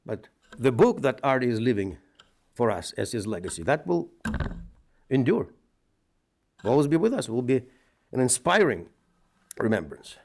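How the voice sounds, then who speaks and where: Russian-accented rabbi giving a eulogy. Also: male voice, mid-range voice, sing-song, darkish tone. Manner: earnest, measured storytelling with restarts. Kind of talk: funeral eulogy.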